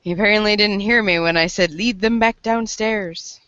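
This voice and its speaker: A man's voice: sits high, normal speed, pushed and bright, clean tone, no room sound. A man playing in a tabletop game, teasing the others with dry jokes. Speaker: player. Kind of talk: casual tabletop play. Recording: dull lo-fi recording.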